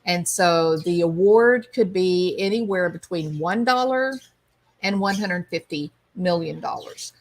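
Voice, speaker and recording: A woman's voice: on the low side, unhurried. A woman hosting a casual video commentary, chatty and amused as she explains a clip. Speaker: commentary show host.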